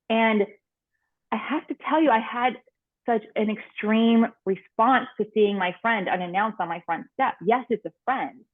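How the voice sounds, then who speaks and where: A woman's voice: mid-range voice, no room sound. Woman coach on a tinny call line. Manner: candid, reflective storytelling. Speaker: confidence coach. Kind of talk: storytelling in an online workshop. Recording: tinny phone-like call audio.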